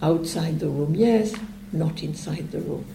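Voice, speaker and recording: Slow, gravelly woman teaching meditation. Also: low-pitched, reverberant, slight background noise, low-quality recording. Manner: calm, unhurried, reflective explanation.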